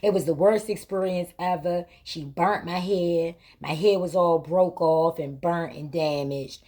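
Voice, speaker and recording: A woman's voice: lowish voice, measured pace. Emphatic colloquial woman telling a story. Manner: emphatic, repetitive retelling with lively quoted exchanges; colloquial, vernacular grammar. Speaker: vlog host. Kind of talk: casual storytelling to camera.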